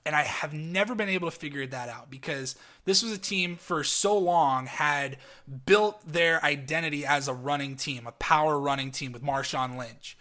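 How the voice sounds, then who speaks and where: A man's voice: fairly high pitch, moderate pace, bright, forceful tone. A man hosting a casual solo sports podcast from home, chatty and opinionated, laughing often as he talks. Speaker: podcast host. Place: home, dog barking outside.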